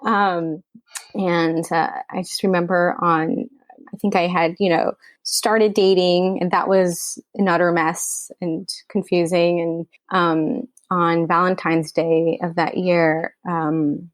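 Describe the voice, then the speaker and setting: A woman's voice: on the low side, level tone, takes it slowly, dry recording. A woman from Queens, New York, a writer-director telling a personal story in an interview, candid and emotional, her speech full of "like" and "you know.".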